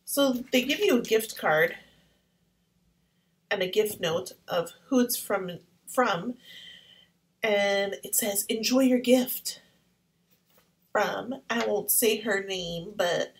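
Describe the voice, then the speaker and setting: Excitable woman vlogging an unboxing. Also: mid-range voice, slow pace, long pauses, low-quality recording. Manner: gushing and excitable, drops into whispers. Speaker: art vlogger unboxing sponsored markers. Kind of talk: casual unboxing vlog. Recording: faint background noise.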